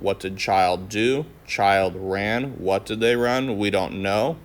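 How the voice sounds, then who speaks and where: A man teaching a grammar lesson, walking through each sentence with patient questions and answers. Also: on the low side.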